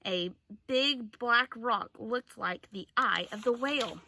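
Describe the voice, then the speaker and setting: A woman teacher reading a chapter book aloud, in slow, clear storytelling. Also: on the high side, pushed and bright, slight background noise.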